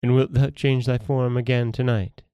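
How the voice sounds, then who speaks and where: A man voicing a kind young prince in a folktale reading, speaking gently in an old-fashioned way. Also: mid-range voice, flat delivery, normal speed, clear, resonant tone, dry recording, dull audio, voice pushed up, close to an everyday voice. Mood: astonished.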